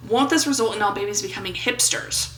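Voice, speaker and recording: A woman of about twenty-seven commentates a game for her YouTube audience, goofily reading out its questions with jokes and fleeting character voices. She talks quickly in a sharp, medium-pitched tone. The roomy, rough recording carries slight background noise.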